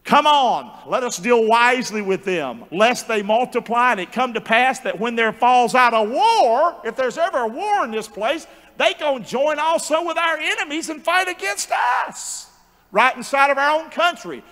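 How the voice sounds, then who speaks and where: A man voicing a domineering, ruthless male Egyptian king, declaiming loudly while reading scripture. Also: extremely high pitch, animated, moderate pace, pitched above the performer's own voice, exaggerated voice. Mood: alarmed, scheming. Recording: long church hall reverb.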